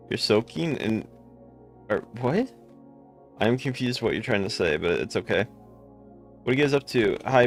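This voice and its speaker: Tired, low-voiced young man streaming. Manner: relaxed, greets viewers by name, rambling asides. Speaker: live streamer. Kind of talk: casual live-stream chat while gaming.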